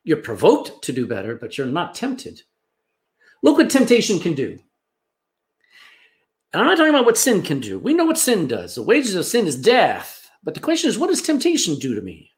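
A man preaching a sermon, swinging between loud emphasis and hushed asides. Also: sits high, huge pitch swings, normal speed. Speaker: pastor.

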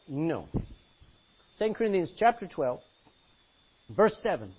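A pastor preaching a sermon, reading scripture dramatically and asking the congregation rhetorical questions. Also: male voice, on the high side, very animated, unhurried, long pauses, breathy edge, dull audio.

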